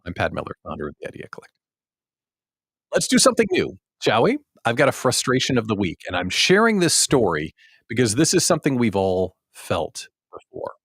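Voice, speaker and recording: Male host, animated storyteller with a husky, swooping voice, dry close sound. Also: medium pitch, brisk, no echo. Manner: animated storyteller, self-mocking, acts out his own past thoughts. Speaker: host of a small business show. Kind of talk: casual livestream monologue.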